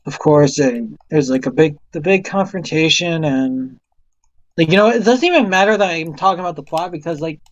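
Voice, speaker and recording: A man's voice: fairly high pitch, a little fast, lo-fi sound. A young man co-hosting a casual chat, rambling with lots of fillers and laughing often. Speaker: co-host. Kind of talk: casual chat about movies.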